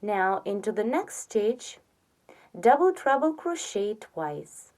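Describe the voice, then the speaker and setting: Slow, patient woman teaching crochet. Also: mid-range voice, sing-song. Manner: slow, patient, counts stitches aloud softly. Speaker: crochet instructor. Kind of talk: step-by-step tutorial narration.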